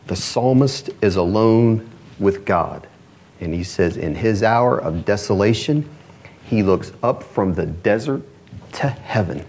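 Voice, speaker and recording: A male pastor preaching a sermon, reading quotations slowly and rising in emphasis on key phrases. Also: fairly low pitch, animated, darkish tone, breathy edge. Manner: reads quotations aloud slowly and deliberately.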